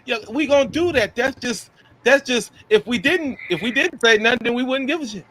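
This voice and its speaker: High bright guy on a podcast, slangy and emphatic. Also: expressive, a little fast, rough recording. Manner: emphatic, slangy, preachy asides. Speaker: podcast co-host. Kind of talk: casual sports chat.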